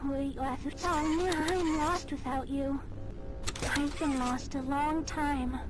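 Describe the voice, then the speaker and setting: A woman's voice: high-pitched, fairly even intonation, slow pace, music in the background. Woman doing a clingy pleading cartoon bear. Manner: sweet, pleading, needy. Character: clingy affectionate female teddy bear. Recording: loud background noise.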